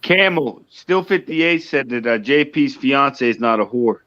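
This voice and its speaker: A man's voice: mid-range voice, lively intonation, measured pace, a bit bright, no echo. A man joining a livestream chat, laid-back and profane. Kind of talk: crude casual banter. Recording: dull lo-fi stream audio.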